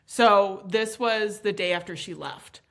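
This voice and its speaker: A woman in her thirties talks candidly as an interview guest, emphatic and animated, with a swear word here and there. Her voice is bright and clear. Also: mid-range voice, measured pace. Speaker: podcast guest.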